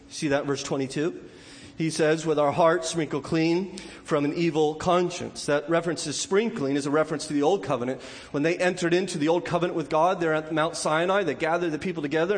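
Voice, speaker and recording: Pastor guy preaching a sermon, slightly high voice, goes quiet then really loud, long church echo. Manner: preaching with wide swings from hushed to loud and high.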